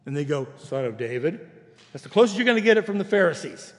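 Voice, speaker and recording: A man with a notably high voice delivers a sermon, moving between explanation and read-aloud scripture. His pastor's delivery is conversational rather than lofty. The recording carries the long reverb of a church sanctuary. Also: lively intonation, very fast. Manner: expository preaching, conversational with quoted scripture.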